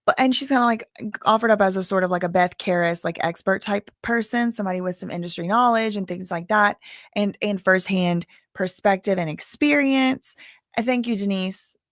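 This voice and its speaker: A woman's voice: mid-range voice, normal speed, no room sound, clean studio sound. A woman in her thirties, a streamer talking casually and self-deprecatingly, rambling with many restarts. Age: 30s. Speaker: commentary streamer. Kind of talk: casual chat.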